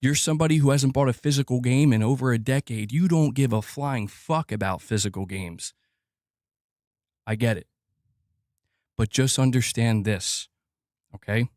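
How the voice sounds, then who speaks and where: A man's voice: medium pitch, normal speed, long pauses, darkish tone, no room sound, clean studio sound. A man streaming gaming news, delivering an impassioned rant that is full of swearing and repeated words for emphasis. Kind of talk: live stream commentary rant.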